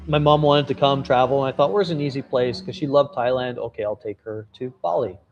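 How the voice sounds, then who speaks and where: A man chatting straight to camera in a relaxed vlog update. He talks candidly and casually, drifting into stories, with the odd swear word tossed in. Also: medium pitch, a little fast, muffled recording, a little hiss or hum. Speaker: travel vlogger and novelist.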